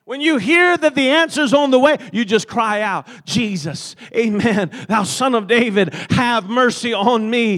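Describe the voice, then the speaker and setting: Fervent and strikingly high-pitched, a male pastor preaches a little slowly with hardly any pauses. He scatters amens throughout, swelling into shouts and sinking to hushed, pleading tones.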